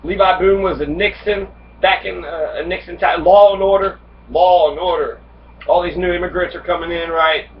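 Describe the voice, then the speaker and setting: A man giving a casual history lecture, reading passages and then riffing on them with heavy profanity. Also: fairly high pitch. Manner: acts out immigrants' complaints in angry voice. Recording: dull distant lo-fi recording with faint noise.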